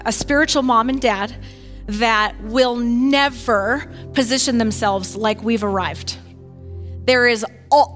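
A woman giving an animated, emphatic talk on faith, often acting out what other people say. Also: on the high side. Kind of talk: casual teaching talk on faith.

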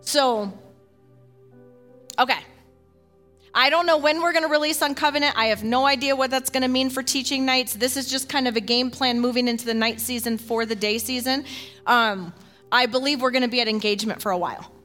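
Animated, bright-voiced woman preaching. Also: high-pitched, soft background music. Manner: animated, rising excitement with rapid repeats; folksy, casual asides. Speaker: pastor. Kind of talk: sermon.

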